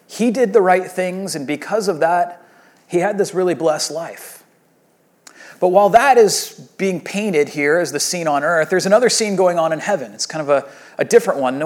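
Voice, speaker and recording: A man preaching a sermon as pastor, speaking in a casual, conversational way and acting out the lines of the story he retells. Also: on the high side. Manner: conversational, animated retelling with voiced quotes.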